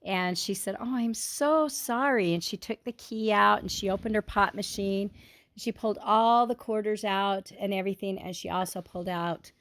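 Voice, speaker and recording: A woman telling a personal childhood story to her family in an earnest, heartfelt, unhurried way. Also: medium pitch, steady tone, fairly bright tone.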